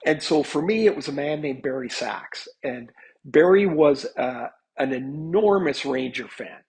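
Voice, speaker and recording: A man's voice: a little high, lively intonation, measured pace, darkish tone, husky, poor audio. A man in his fifties, a hockey analyst, telling stories in a chatty podcast interview, with many restarts.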